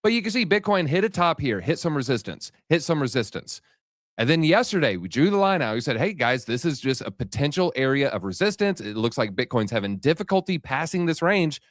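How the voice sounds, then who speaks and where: A man's voice: a little high, big pitch swings, no echo, studio quality. A man hosting a live crypto market show, hyped and a little out of breath, talking straight to his viewers. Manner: hyped, rapid-fire, addresses viewers directly. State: slightly out of breath. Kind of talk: energetic live-stream market commentary.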